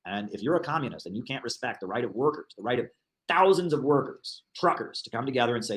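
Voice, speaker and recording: Fast-talking emphatic male commentator. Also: medium pitch, animated, poor audio. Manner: emphatic, argumentative, repeats points. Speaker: political commentator. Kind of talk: livestream political commentary.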